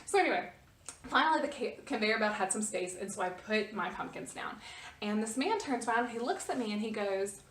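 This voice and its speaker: A woman vlogger telling a personal story in a casual, animated way, often restarting her sentences. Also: medium pitch, fairly quick, echoey room, recorded from a distance. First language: English. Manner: animated, restarts often, rises when reliving the scene.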